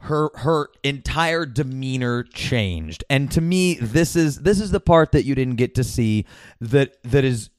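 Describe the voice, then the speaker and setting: A man's voice: medium pitch, expressive, a little slow, no room sound, clean studio sound. A man hosting a podcast in casual chat, rambling with many fillers, restarts and the odd swear word. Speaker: podcast host.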